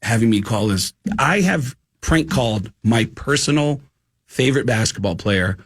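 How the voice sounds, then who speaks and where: A man, a guest comedian, telling animated stories in casual chat on a radio podcast. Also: mid-range voice, moderate pace, husky. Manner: animated storyteller, doing voices in anecdotes.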